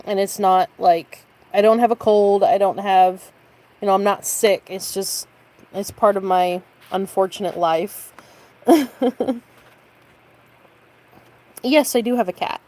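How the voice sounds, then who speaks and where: A woman talking casually on a late-night livestream from her bedroom. She rambles in an easygoing way and stops often to cough or clear her throat. Her voice sits in an ordinary middle range for a woman. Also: takes it slowly, long pauses, a little mellow. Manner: high baby-talk voice to her cat. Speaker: streamer.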